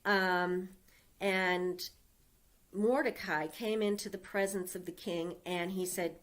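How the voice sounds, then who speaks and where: A woman delivers a sermon at an unhurried pace, retelling an old story in a relaxed, chatty way. Her voice sits at an ordinary middle pitch, and she drops in casual asides to her listeners. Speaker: speaker giving the Sunday message.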